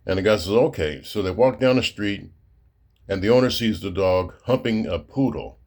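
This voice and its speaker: A man with a deep, low voice tells a joke on his own channel. He is laid-back and casual and drops in filler words as he goes. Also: moderate pace, a little mellow. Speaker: writer and channel host.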